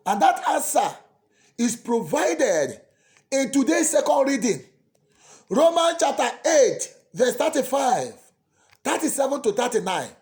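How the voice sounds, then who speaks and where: A man, a priest preaching a sermon that swings dramatically between soft pleading and loud cries. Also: very high voice, very animated, unhurried.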